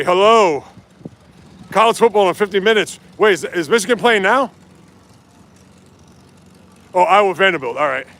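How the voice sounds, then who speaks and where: The livestream host's voice is high, gravelly and fairly bright as he runs along city streets, phone in hand. He chats casually and reads viewer comments aloud.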